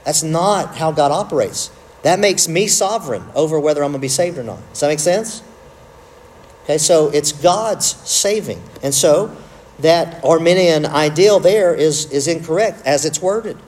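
A man's voice: on the high side, expressive, moderate pace, a little mellow. Conversational man teaching a class. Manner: conversational, self-interrupting with humor. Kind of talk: church teaching talk.

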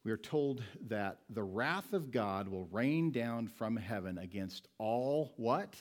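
A man's voice: medium pitch, a little mellow. Man preaching, asking questions and answering. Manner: asks the congregation questions and answers them; slows down and stresses single words. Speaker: pastor. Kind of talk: sermon.

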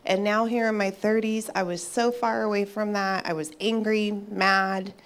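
Woman, fifties, personal testimony, unhurried delivery, mid-pitched voice, earnest, reflective. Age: 50s. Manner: earnest and reflective, with pauses and restarts. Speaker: speaker sharing her faith testimony.

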